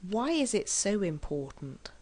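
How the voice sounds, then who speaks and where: A woman teaching an English lesson, speaking with careful, deliberate enunciation and exaggerated syllable stress. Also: mid-range voice, very animated, darkish tone. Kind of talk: scripted lesson delivery.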